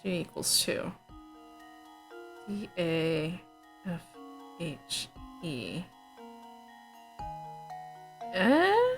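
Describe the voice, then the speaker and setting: A woman's voice: lowish voice, huge pitch swings, extremely slow, faint music behind. A woman streaming a video game, chatting playfully with viewers, giggling and reading puzzles aloud. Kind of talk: casual let's play chat.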